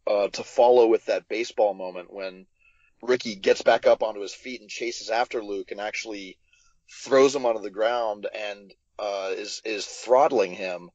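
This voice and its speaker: A man talks through his filmmaking choices in a podcast interview, full of fillers and quick restarts. The sound is dry and close, a little dull and lo-fi. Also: fairly low pitch, no room sound. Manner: animated storyteller, many fillers and restarts. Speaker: film director guest.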